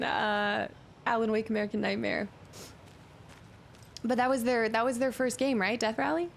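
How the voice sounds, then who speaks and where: A woman's voice: fairly high pitch, steady tone, moderate pace, gravelly, long pauses, a little hiss or hum. A young woman streaming a game, musing aloud as she explores and reading notes under her breath. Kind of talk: let's-play commentary.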